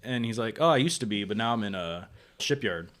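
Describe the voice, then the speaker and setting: A man's voice: lowish voice, expressive, a little fast, a bit bright. A young man hosting a casual podcast chat, telling stories animatedly and acting out both sides of the dialogue. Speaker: podcast host.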